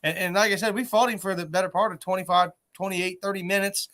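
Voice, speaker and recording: Host: man, high bright voice, animated storyteller. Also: fast. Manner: animated, repeats words when excited. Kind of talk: casual storytelling chat.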